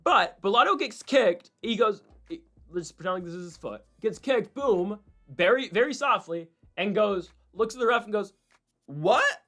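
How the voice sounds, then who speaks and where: A man casually breaking down MMA fights and predictions, rambling and excitable with frequent asides. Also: high-pitched, moderate pace.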